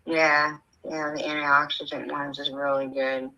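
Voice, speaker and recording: A woman's voice: low-pitched, little pitch movement, a little slow, bright, forceful tone, highs cut off. An older woman chatting casually as a stream host, telling stories and laughing often. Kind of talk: casual chat.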